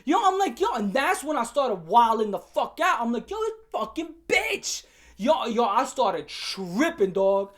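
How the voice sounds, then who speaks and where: A man's voice: very high voice, very animated, normal speed, few pauses. Profane young man ranting a storytime. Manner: profane, slangy, heated ranting; talks straight to viewers, repeats himself. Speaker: YouTuber telling a story. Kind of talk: storytime rant.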